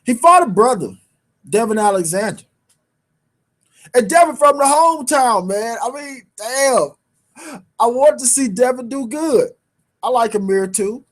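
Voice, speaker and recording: A man's voice: very high voice, lively intonation, measured pace, long pauses. A man hosting a sports talk show, bantering in casual street slang and repeating his points for emphasis. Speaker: sports radio host.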